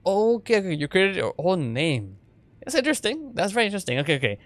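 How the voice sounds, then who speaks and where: A man's voice: sits high, huge pitch swings, fast talker, no room sound. A man giving casual gameplay commentary as a streamer, rambling and chatty with lots of fillers. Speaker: game streamer.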